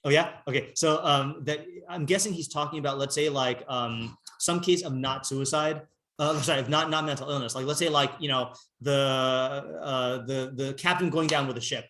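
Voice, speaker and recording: A man teaching an informal text class, halting and rambling with many fillers, reading Hebrew passages aloud and translating them. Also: mid-range voice, fairly even intonation, a bit bright.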